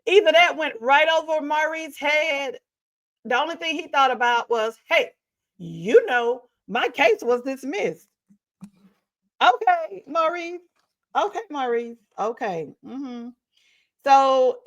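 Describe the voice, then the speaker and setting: A woman's voice: a little high, a bit bright, smooth. Sassy, gossipy woman host. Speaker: talk show host. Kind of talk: reality TV commentary.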